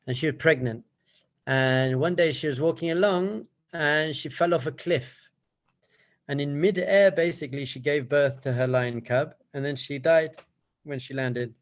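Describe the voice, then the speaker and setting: A man speaking as a rabbi, giving an animated teaching talk full of storytelling. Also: medium pitch, muffled recording.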